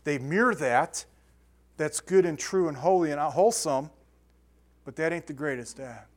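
Male pastor, slightly high voice, chatty sermon style that builds to emphatic readings. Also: moderate pace. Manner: conversational, repeats words and restarts, builds to emphatic scripture reading.

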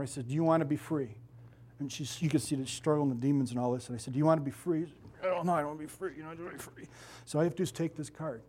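A man's voice: fairly high pitch, darkish tone. A middle-aged man preaching as a pastor, telling stories animatedly and acting out the voices of the people in them, laughing often. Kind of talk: sermon.

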